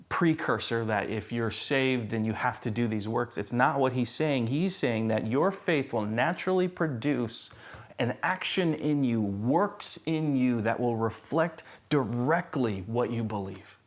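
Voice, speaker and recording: Lebhafter Prediger, Mann, Gemeindegottesdienst. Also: male voice, medium pitch. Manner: conversational, animated preaching with humor. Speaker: pastor. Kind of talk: sermon.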